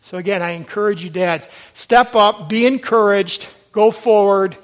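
High-voiced earnest preacher. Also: male voice, moderate pace. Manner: earnest, exhorting, with restarts. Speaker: pastor. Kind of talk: sermon.

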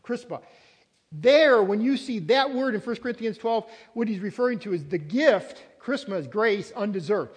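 A man's voice: high-pitched, expressive, moderate pace, breathy edge. A man preaching a sermon as pastor, earnest and emphatic, repeating key words. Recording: reverberant hall, long echo.

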